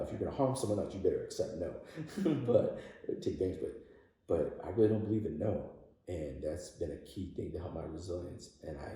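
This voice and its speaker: Man, podcast guest, low dark voice, laughs often, many yeah fillers, distant in a very echoey room. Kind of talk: emotional personal storytelling. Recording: very roomy echo, distant from mic.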